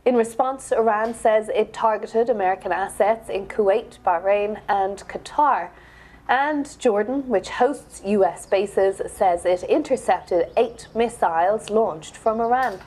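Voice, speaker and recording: A woman news anchor reads the reports, then moderates a panel discussion. She is brisk and friendly, and her voice sits at a middle pitch. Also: a little mellow.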